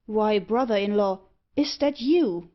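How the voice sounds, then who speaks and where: A woman's voice: medium pitch, a little slow, dull audio, natural voice. A woman reading aloud, voicing a stout middle-aged merchant who speaks urgently and mournfully.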